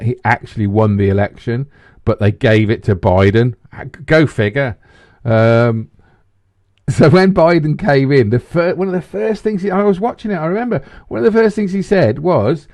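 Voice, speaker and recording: A man co-hosting a podcast in loose, animated, sweary chat that rambles from point to point. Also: medium pitch. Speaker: podcast co-host. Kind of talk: casual banter podcast.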